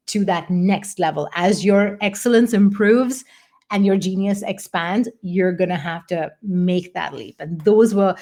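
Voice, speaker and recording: A middle-aged woman coach giving a candid motivational talk, earnest and animated, acting out her own past thoughts. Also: mid-range voice. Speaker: business coach.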